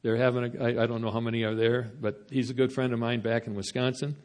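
Conversational male preacher, halting delivery. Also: medium pitch, level tone, a little mellow. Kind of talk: sermon.

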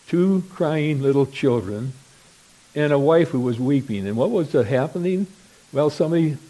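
An older man from Wisconsin, with a mid-range voice and dark tone, tells a rambling, self-deprecating humorous story at a podium, clearing his throat now and then. The recording is low quality.

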